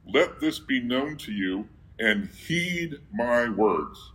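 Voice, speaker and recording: A male preacher who delivers his sermon at an unhurried pace. He quizzes the congregation with questions and then answers them himself. His scripture reading carries a firm, emphatic weight. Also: medium pitch, animated, sharp tone, low-quality recording. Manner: reads scripture aloud with emphasis.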